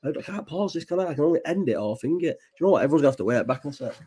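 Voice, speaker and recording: A man's voice: a little high, lively intonation, racing, warm tone, slightly rough. Rambling man on a live chat. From Bolton, England. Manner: rambling and chatty, swears freely. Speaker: live stream host. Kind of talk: casual late-night live chat. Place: at home at night, child nearby.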